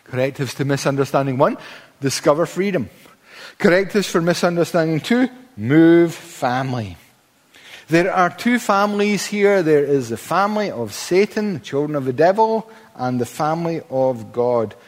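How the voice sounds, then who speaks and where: A man's voice: on the high side, animated, normal speed. A man preaching a sermon in a church, emphatic, building to fervent peaks with stammered restarts. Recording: long hall reverb.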